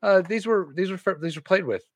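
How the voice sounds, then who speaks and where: A man's voice: high-pitched, a little fast, no room sound. A man hosting a toy podcast in casual chat, rambling and easily distracted, with many uhs and restarts. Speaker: podcast host.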